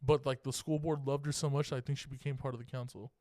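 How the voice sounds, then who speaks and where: A man's voice: medium pitch, flat delivery, fast, darkish tone, no room sound, studio quality. A young man from California co-hosting a podcast, telling a rambling, profane story in casual chat. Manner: profane, rambling, laughing as he talks. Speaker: podcast co-host.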